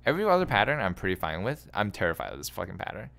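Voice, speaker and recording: Male game coach, lively swooping pitch, exasperated and repetitive, casual review commentary. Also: rapid-fire, creaky. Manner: exasperated, animated, repeats phrases, laughs in disbelief.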